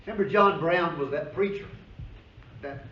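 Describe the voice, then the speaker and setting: A man's voice: fairly high pitch, normal speed, slight background noise. Male history professor, emphatic storytelling lecture, casual asides, roomy dull recording. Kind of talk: classroom lecture.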